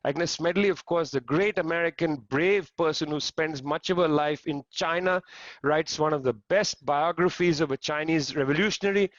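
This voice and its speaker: Brief: man with a Punjabi accent, raised voice, forceful lecturer, dull dry lo-fi call audio. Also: on the high side, normal speed, no room sound. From India. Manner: emphatic, insistent, repeats phrases for stress. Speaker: panel speaker. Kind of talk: political lecture.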